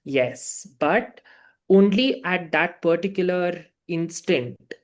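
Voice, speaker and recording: A man, a class participant sharing his experience in a halting, reflective way. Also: sits high.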